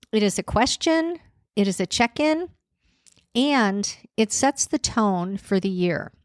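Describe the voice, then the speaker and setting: A woman's voice: fairly high pitch, no echo, clean studio sound. A woman hosting her own coaching podcast, speaking in an encouraging tone and asking rhetorical questions while getting over a cold. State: recovering from a cold. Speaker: podcast host and life coach. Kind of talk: solo podcast talk.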